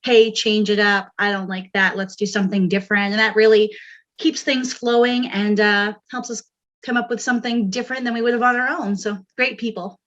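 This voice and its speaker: A woman's voice: medium pitch, steady tone, brisk, a bit bright, highs cut off. A woman competing on a music show, upbeat and enthusiastic about her group. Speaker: contestant.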